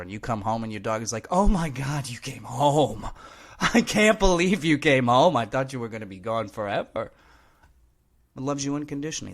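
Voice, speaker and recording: A young man hosting a podcast, talking earnestly and emphatically to his listeners, often calling them man and brother. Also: mid-range voice. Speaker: podcast host. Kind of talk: heartfelt motivational podcast monologue. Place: Los Angeles.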